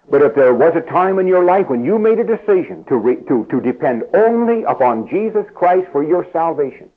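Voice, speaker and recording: A man preaching an evening sermon to a seated congregation. He speaks earnestly, slows and rises on key phrases, and turns soft and slow when he leads a prayer. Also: a little high, narrow, tinny audio. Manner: earnest, stresses key phrases by slowing and rising. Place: church service before a seated congregation.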